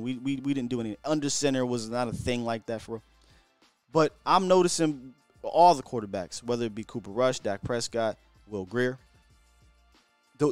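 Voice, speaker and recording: A man hosting a live sports stream talks in an animated run, circling back and repeating himself as he works through a point. His voice is smooth and full. The sound is dry and close, with faint music behind. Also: medium pitch, dry recording. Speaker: sports show host. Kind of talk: casual live-stream chat. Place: hotel room.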